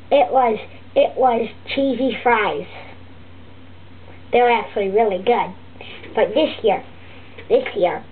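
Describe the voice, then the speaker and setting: A woman voicing a fussy, griping turtle puppet teacher, rambling and halting with many restarts. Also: on the high side. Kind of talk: comic puppet vlog monologue. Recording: tinny lo-fi phone-like audio with faint hiss.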